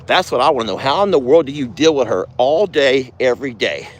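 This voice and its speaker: A mid-range, expressive voice, moving a little fast, belongs to a vlogger doing ranch chores outdoors. They chat casually throughout and coo affectionately at the animals.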